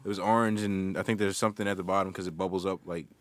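A man's voice: deep voice, steady tone, rapid-fire, a little hiss or hum. A young man co-hosting a casual podcast chat, laid-back and laughing often. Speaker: podcast co-host.

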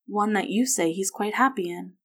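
A woman voicing a caring grandmother who speaks softly and reassuringly. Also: mid-range voice, normal speed, lightly acted. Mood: gentle. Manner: soft-spoken, reassuring.

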